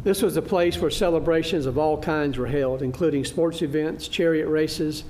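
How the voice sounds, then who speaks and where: A man teaching a church Bible class, lecturing through a slide show in a halting way, with frequent fillers and restarts. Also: fairly high pitch, darkish tone. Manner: good-humored, laughs at his own slip.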